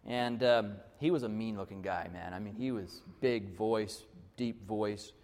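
A man's voice: fairly low pitch, unhurried, a little mellow. A male pastor preaching a conversational, story-led sermon full of restarts. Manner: conversational, with many restarts and fillers. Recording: long reverb of a large hall.

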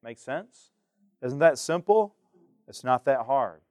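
A man teaching a class on giving Bible studies, lively and acting out examples while asking the class questions. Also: mid-range voice, slow pace, no echo, clean studio sound. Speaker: Bible study instructor.

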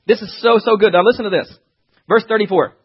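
Preacher, male, very high husky voice, animated delivery, lo-fi sound. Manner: animated, talks fast, voices asides. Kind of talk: sermon with scripture reading.

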